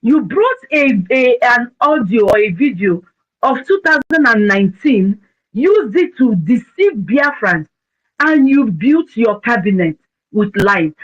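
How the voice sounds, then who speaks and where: A woman's voice: on the high side, very animated, a little slow. Woman, impassioned commentator, emphatic and repetitive; dull lo-fi sound. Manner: emphatic, repeats words for force. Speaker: speaker on an audio chat room.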